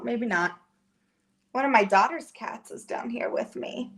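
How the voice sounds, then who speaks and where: Woman, casual livestream chat, rambling, lots of fillers, bright ringing voice, camera on a holder at home. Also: fairly high pitch, moderate pace. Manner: chatty, rambling, filler words. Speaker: livestream host. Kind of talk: casual chat with live viewers.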